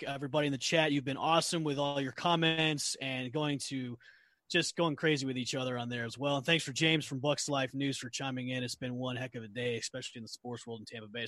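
A man with a bright, ringing voice hosts a casual live sports chat and calls each new segment. He often trips over names and says sorry before moving on. The sound is dry and close. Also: fairly high pitch, no echo. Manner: stumbles over names and apologizes. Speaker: host.

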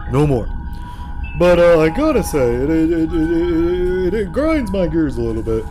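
A man's voice: a little high, sing-song, moderate pace, over music. A man hosting a comedy podcast, rambling through tangents and stumbling over repeated words. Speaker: podcast host.

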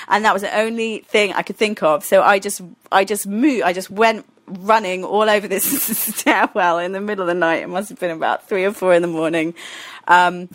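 A woman's voice: medium pitch, normal speed, no echo. A young woman telling a personal story, laughing often mid-sentence and acting out her own past lines.

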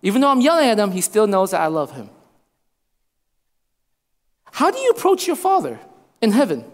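A man's voice: high voice, wildly swooping pitch, moderate pace. A man in his thirties preaching a sermon as a pastor, repeating lines for emphasis. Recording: long reverb of a hall.

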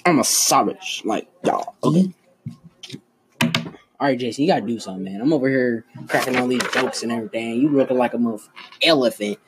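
A young man telling jokes in casual slang, loud and animated, teasing his friends. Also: medium pitch, fairly quick, slight background noise, poor audio. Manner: loud, animated storytelling with slangy trash talk. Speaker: joke teller.

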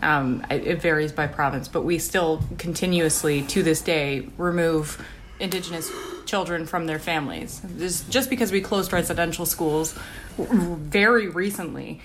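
A woman's voice: low voice, moderate pace, slight background noise. A Canadian woman co-hosting a casual chat, blunt and enthusiastic, swearing freely. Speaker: podcast co-host.

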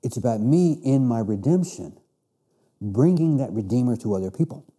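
Husky, mellow-voiced man teaching scripture. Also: mid-range voice, animated, normal speed. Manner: reads scripture then explains with emphatic restarts. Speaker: Bible teacher. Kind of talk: classroom Bible lecture.

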